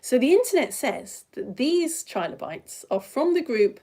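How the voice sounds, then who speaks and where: A woman from the United Kingdom presenting a live science show for children, chatty and excitable, talking straight to viewers and recorded on a phone indoors. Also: sits high, a little slow. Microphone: phone camera.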